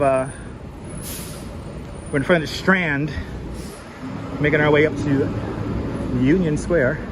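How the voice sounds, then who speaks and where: A man livestreaming as he walks through city streets, chatting casually and greeting viewers by name, on a wireless clip-on mic. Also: a little high. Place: outdoors on busy city streets in summer heat. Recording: street traffic noise behind.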